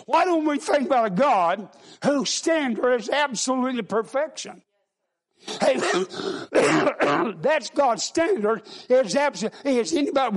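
High-voiced preacher man. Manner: folksy, calls out to the congregation, repeats and restarts. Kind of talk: sermon.

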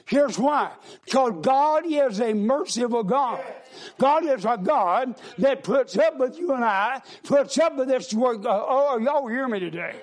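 A man's voice: very high voice, expressive, a little slow. A man preaching a sermon in a folksy way, calling out to the congregation and often repeating and restarting his words.

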